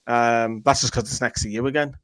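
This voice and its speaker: A man's voice: medium pitch, steady tone, a bit bright, low-quality recording. Chatty man reading fan comments. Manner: chatty, rambling, quick to joke. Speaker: fan channel co-host. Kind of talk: casual chat reading viewer comments.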